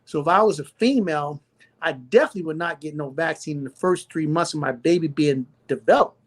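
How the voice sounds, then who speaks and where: Southern-accented man, doctor guest on a live stream, forceful and preachy, hammers points twice. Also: on the high side, a little fast. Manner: emphatic, lecturing, repeats points for stress.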